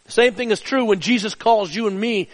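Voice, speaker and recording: Middle-aged man, pastor type, earnest sermon style, high pitch, hall reverb. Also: a little fast. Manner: earnest preaching, drops soft and low for personal stories.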